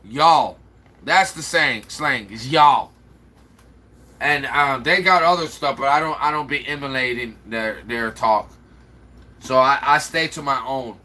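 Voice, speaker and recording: A man's voice: mid-range voice, a little slow, bright, forceful tone. A man with a slight Chicago accent, rambling and answering viewer comments aloud in a casual livestream chat. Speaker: livestream host.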